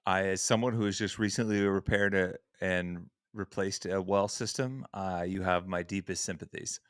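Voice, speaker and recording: A man with a fairly low voice co-hosts a podcast over a video call. He sounds dry and close to the mic. He speaks calmly and offers short, sympathetic replies. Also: moderate pace, no echo. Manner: calm, brief sympathetic reactions. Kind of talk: casual chat.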